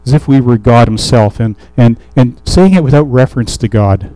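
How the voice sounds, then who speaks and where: A man's voice: medium pitch, moderate pace, warm tone, no room sound, poor audio. A man preaching a sermon, reading scripture aloud and explaining it in a conversational way with restarts and fillers.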